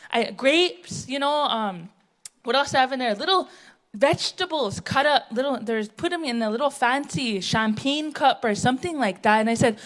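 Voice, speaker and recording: A woman's voice: sits high, a bit bright. A woman on a theatre stage playing a brash, chain-smoking middle-aged auntie in a live comedy monologue, rambling, indignant and laughing at herself.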